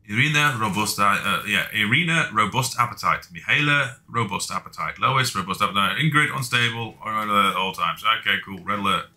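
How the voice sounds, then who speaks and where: A man's voice: fairly low pitch, lively intonation, a little fast, few pauses, bright, forceful tone. A man casually talking to himself while playing a video game, joking and swearing freely. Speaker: gaming video host. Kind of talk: let's play commentary.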